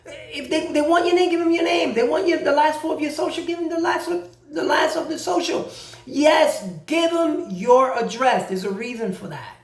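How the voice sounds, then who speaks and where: A man giving a casual how-to talk as a credit repair advisor, animated and repeating key points, acting out both sides of phone calls. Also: extremely high pitch, moderate pace. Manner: repeats himself for emphasis. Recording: roomy echo.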